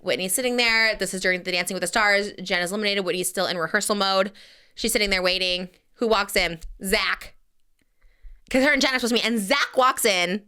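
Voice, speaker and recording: A young woman hosting a podcast, gossiping in an animated way and acting out what others said. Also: mid-range voice, smooth. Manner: rapid, animated, acts out others in quoted voices. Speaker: podcast host. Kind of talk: casual gossip chat.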